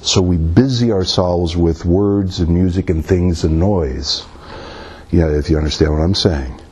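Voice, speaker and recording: A man preaching a sermon, animated and emotional, acting out the quotes he reads. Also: deep voice, measured pace, breathy edge.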